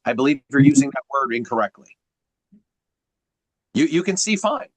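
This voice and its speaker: A man's voice: medium pitch, animated, normal speed, husky, no echo, poor audio. A man coaching on a group video call, teacherly and emphatic, firing off rhetorical questions. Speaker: sales coach.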